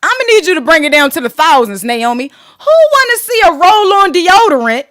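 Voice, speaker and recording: Sassy high-voiced woman podcast host. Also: moderate pace, no room sound, studio quality. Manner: sassy, profane, animated gossip. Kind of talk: casual commentary podcast.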